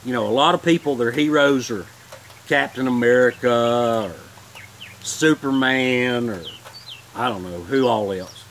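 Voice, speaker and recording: A man's voice: mid-range voice, unhurried, a bit bright, slight background noise. A man hosting a homesteading channel, telling rambling, heartfelt stories in a casual livestream.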